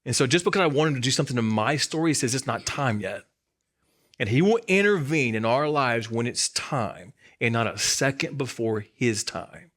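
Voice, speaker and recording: A man's voice: mid-range voice, lively intonation, moderate pace, a bit bright. A man giving a sermon as a church's student ministry coordinator, conversational and emphatic, repeating key lines and adding light humor.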